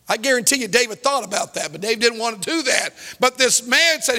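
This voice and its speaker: A man preaching a sermon in a church, breaking into loud outbursts and telling stories. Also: extremely high pitch, normal speed, long reverb tail. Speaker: pastor.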